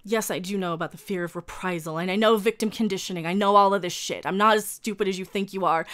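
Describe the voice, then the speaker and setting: A woman's voice: medium pitch, fairly even intonation, fast talker, few pauses, a bit bright. A woman YouTuber ranting heatedly to camera, profane and combative, answering her critics directly and repeating herself when worked up.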